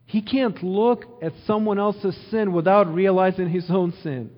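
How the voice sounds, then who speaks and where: A man's voice: high-pitched, a little slow. A male pastor giving an earnest sermon full of repeated phrases and rhetorical questions. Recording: dull sound with long hall reverb.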